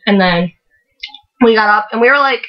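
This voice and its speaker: A woman's voice: a little high, moderate pace. A teenage girl telling a concert story in casual vlog chat, rambling and swearing with lots of "like". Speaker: vlogger. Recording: dull lo-fi webcam audio.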